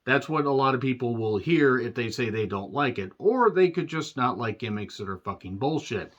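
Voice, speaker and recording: A man's voice: medium pitch, expressive, moderate pace, fairly bright tone. Profane sarcastic man ranting, dull audio. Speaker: wrestling show reviewer. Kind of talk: ranting show review.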